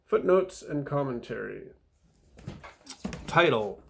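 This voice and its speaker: A man reading his own footnotes aloud in a casual vlog, dry and wry, with fillers and soft mumbled asides. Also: medium pitch, expressive, normal speed, creaky, slight background noise.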